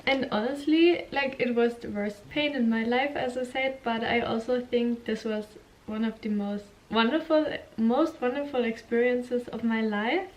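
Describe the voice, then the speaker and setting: A woman's voice: a little high, normal speed, a little mellow. A young woman vlogger telling a personal story in a candid, chatty way, often laughing and acting out what people said. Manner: candid, giggly, acts out quotes. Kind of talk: casual storytelling vlog.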